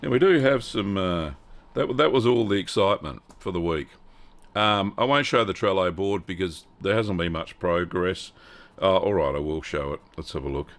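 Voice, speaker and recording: A man in his fifties with an Australian accent hosts a cheese-making livestream, chatting casually with viewers. His deep voice moves at a moderate pace, and he's relaxed and rambling, greeting chat viewers by name.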